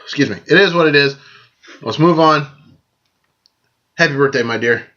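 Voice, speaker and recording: Man, casual vlog shout-outs, friendly and joking, bright voice, dull lo-fi sound. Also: on the high side, normal speed. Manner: friendly, joking, stumbles and repeats phrases. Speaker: vlog host giving birthday shout-outs.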